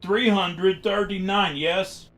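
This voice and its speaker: A bewildered woman from another time speaks in scraps of broken English, as a man puts her on. Her voice sits high and loud, and every phrase comes out choppy and uncertain. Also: fairly even intonation, faint music behind, full character voice. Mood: halting, puzzled. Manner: halting, fragmented speech. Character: confused adult woman from the future, halting broken English.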